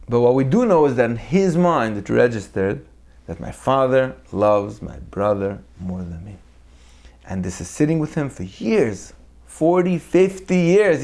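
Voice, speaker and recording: Man, middle pitch, Torah talk, animated storyteller. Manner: animated storyteller who acts out the people in his tales. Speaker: Torah teacher.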